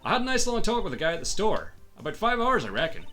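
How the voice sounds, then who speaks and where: A man voicing a loud, brash female photographer from the American South, in a folksy drawl with a put-on Southern accent, reading video game lines. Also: high voice, huge pitch swings, fast, soft background music, exaggerated voice.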